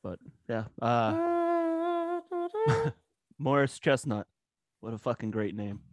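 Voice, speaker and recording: Man, podcast guest, relaxed, hesitant, swears, medium pitch, dry recording. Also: slow, no echo. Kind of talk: casual podcast chat.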